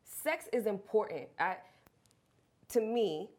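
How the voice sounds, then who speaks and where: Woman cohost, excited and emphatic, easygoing panel chatter. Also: mid-range voice, slow pace. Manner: enthusiastic, emphatic. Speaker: show co-host. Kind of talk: casual panel chat.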